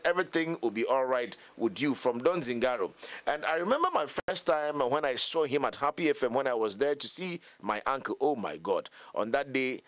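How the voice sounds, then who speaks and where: Ghanaian radio host, dry studio sound. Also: male voice, mid-range voice, a bit bright, no echo. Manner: reads listener messages and phone numbers aloud, brief acknowledgements. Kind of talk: radio talk show hosting. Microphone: studio mic.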